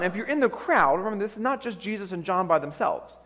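Man, pastor, sermon, dramatic storytelling, fairly high voice, church with long echo. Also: animated, fast talker, hardly any pauses. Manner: dramatic storytelling with shifting loudness. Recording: long reverb of a large hall.

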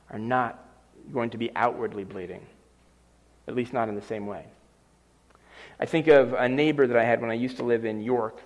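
A middle-aged man preaching a sermon, telling a personal story with lively, animated delivery. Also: medium pitch. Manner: animated storyteller acting out scenes. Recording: long reverb of a large hall.

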